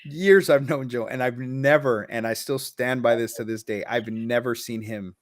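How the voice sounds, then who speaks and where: A man hosting a podcast in loose, casual chat, swearing freely and laughing often. His voice is mid-pitched and dry, close to the mic. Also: normal speed, no room sound. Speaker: podcast host.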